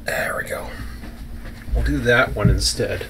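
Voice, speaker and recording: A man's voice: medium pitch, measured pace, in a whisper, low-quality recording. A Canadian man chatting casually on a live stream from home, rambling to himself while he fiddles with his camera and chat window. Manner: rambling, self-talking while fiddling with setup. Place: home room, at computer.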